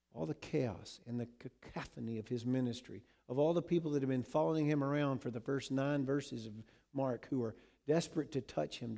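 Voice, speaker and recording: A male preacher with a gravelly, mellow voice. He delivers his sermon with dramatic swings, rising to loud emphasis and then dropping to hushed, repeated words. His voice stays at a middle pitch throughout. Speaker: pastor.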